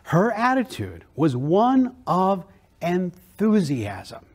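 Enthusiastic man giving a lively keynote. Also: high-pitched, drawn-out words. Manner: dynamic, enthusiastic, with playful quoted voices. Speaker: motivational keynote speaker. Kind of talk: motivational storytelling speech.

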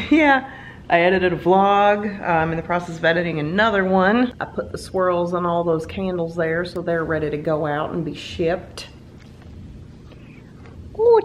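Woman, from the US, low voice, playful and giggly, casual home vlog, faint background hiss. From United States. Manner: playful and giggly, slips into a silly voice. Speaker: vlogger.

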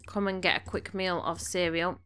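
A woman's voice: lowish voice, little pitch movement, moderate pace, pushed and bright. A woman giving casual gameplay commentary, chatting along and bossing her game characters around, a little snuffly from allergies. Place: home room.

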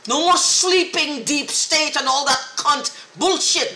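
A woman's voice: high-pitched, lively intonation, takes it slowly, sharp tone, reverberant. A woman in an angry, profane, repetitive rant, talking straight to the camera. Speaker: vlogger. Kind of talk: agitated monologue to camera.

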